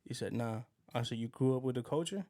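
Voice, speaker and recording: Guy on a podcast rattling off stories super fast, does the voices of people he quotes. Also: mid-range voice, warm tone. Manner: rambling storyteller, acts out quotes. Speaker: podcast co-host. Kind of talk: casual chat.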